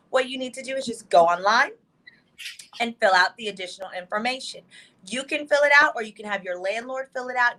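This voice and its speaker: Bright, excited woman legal expert. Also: on the high side, poor audio. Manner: fast, excited, emphatic. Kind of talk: excited explanatory talk show segment. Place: hotel room.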